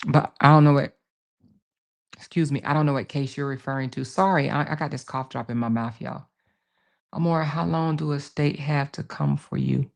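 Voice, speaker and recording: A woman with a bass voice and vocal fry hosts a casual livestream at a moderate pace. She reads out viewer comments and replies emphatically, repeating her points and calling everyone baby and honey.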